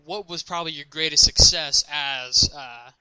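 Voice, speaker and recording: A man hosting a podcast asks halting questions, voice very bright and clear. He sits slightly higher in pitch than most men, in a dry, close sound. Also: dry recording, low-quality recording. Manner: short reactions, halting questions. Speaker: podcast host. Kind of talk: interview.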